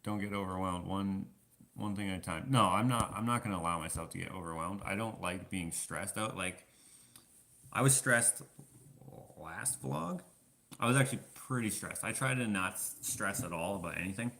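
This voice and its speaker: Low gravelly-voiced man chatting casually. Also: normal speed, sharp tone. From Canada. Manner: rambling, self-deprecating, laughs often. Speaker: vlogger answering live chat. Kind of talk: casual live-stream chat.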